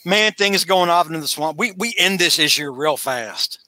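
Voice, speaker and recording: A man hosting a casual podcast chat, recapping a story in an animated way and acting out the characters' lines. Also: on the high side, moderate pace, no room sound. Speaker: podcast co-host recapping a comic.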